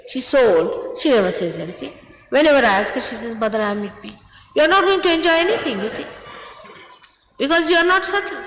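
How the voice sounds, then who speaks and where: A woman's voice: medium pitch, slight background noise. A woman, a spiritual teacher sternly admonishing her followers in a spiritual talk. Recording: echoey hall recording.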